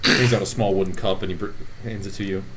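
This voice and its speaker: A man narrating a tabletop role-playing game as game master, describing scenes in a relaxed way with plenty of ums. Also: sits low, fast, a little hiss or hum.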